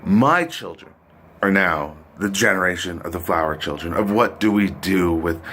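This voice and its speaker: A man's voice: low-pitched, expressive, moderate pace, fairly bright tone, a little hiss or hum. A middle-aged man hosting a podcast, delivering a profane, sardonic, rambling political rant. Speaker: podcast host. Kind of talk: ranting political monologue.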